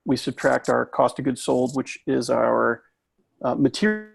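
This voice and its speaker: A man coaching a craft seller on pricing, explaining step by step in a casual, halting way with many restarts. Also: mid-range voice, animated, gravelly, slightly rough, no echo. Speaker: business coach interviewing a maker.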